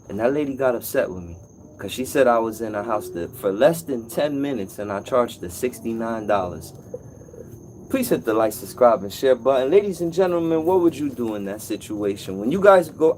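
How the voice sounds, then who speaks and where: A man hosting a casual live-stream call-in show as an appliance repair technician, telling stories in an animated way. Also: mid-range voice, slight background noise, rough recording. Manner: animated storytelling, acts out customer's voice.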